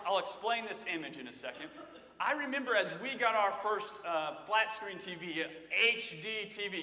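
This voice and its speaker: A man in his thirties preaches in a church, his voice high and bright. He tells stories in a casual, humorous way, and the sound rings with a long echo through the hall. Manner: conversational storytelling with humor. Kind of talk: sermon. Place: church sanctuary.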